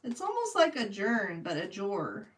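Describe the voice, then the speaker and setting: A woman's voice: medium pitch, huge pitch swings, unhurried. A woman chatting casually with her viewers while she paints on a live stream, answering them by name and laughing often. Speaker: livestreaming artist. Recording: voice a bit distant from the mic.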